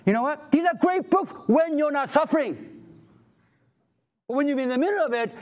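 A man's voice: very high-pitched, expressive, moderate pace, long pauses, darkish tone. A man preaching a sermon, acting out the voices of God and of people who complain to Him. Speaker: pastor.

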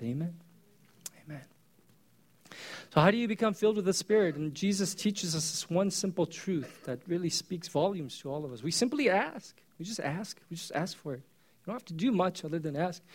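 Conversational male pastor with a higher voice. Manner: conversational storytelling, swinging between loud and hushed. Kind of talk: sermon.

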